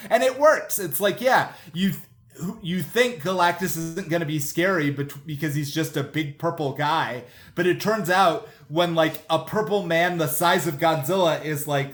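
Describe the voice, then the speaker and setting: A man co-hosting a podcast in casual chat, talking in a relaxed, rambling way. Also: fairly high pitch, normal speed. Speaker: podcast co-host.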